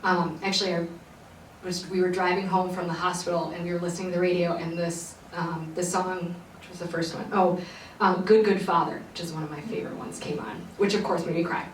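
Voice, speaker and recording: A woman's voice: on the low side, steady tone, brisk, far from the mic. A young adult woman hosting a podcast, earnestly telling a long personal story, rambling with many fillers and restarts. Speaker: podcast host. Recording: roomy echo, voice a bit off-mic, faint background noise.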